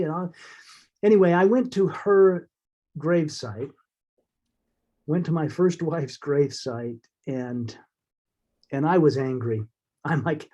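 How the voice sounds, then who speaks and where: A man as an interview guest, telling a personal story in a halting, heartfelt way with fillers and restarts. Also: a little high, warm tone, dull audio.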